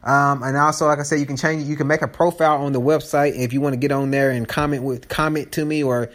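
A man's voice: on the high side, little pitch movement, fast, a bit bright. A man hosting his own podcast in casual chat, rambling and joking and often restarting his sentences. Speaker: podcast host.

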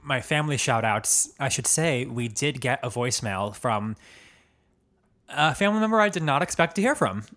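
Lively laughing podcast co-host, a man. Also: medium pitch, moderate pace. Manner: playful, laughs often, swears casually. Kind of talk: casual chat.

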